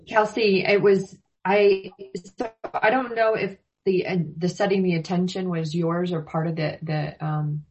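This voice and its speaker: A woman thanking a meditation leader, rambling with many restarts as she is moved. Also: lowish voice. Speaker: meditation group participant. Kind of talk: emotional casual feedback. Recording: dull lo-fi audio.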